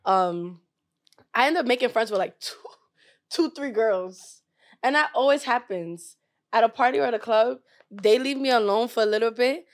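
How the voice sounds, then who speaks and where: Lively young woman co-hosting a podcast. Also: a little high, moderate pace. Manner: animated storytelling, laughs often. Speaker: podcast co-host. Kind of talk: casual chat.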